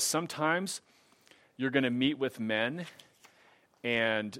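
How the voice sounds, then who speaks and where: A man's voice: lowish voice, fairly bright tone. A middle-aged man telling a personal faith testimony in a casual, earnest way, livening up when he quotes other people.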